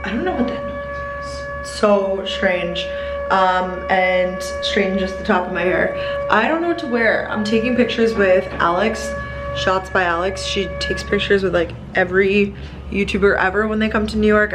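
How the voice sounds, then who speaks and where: Young female vlogger, chatty and excitable, talks to camera at arm's length. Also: medium pitch, normal speed, over music, poor audio. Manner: chatty, lots of likes, easily excited. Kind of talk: casual chat to camera. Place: apartment and hotel room, indoors.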